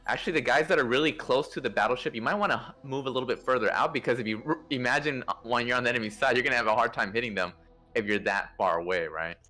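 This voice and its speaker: A medium-pitched male voice moves at a quick pace as he loosely organizes a space game play-test on voice chat. His explanations of maneuvers are relaxed and instructive, peppered with fillers and restarts.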